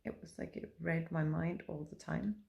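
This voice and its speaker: A woman's voice: deep voice, fairly even intonation, moderate pace, vocal fry, darkish tone, dull audio. A woman vlogger telling a personal story to camera in a rambling, hesitant way, full of fillers and restarts.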